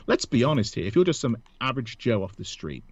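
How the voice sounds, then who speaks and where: A man's voice: mid-range voice, very animated, moderate pace, highs cut off. A man co-hosting a casual podcast, joking, self-mocking and laughing often. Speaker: podcast co-host. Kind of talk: casual chat.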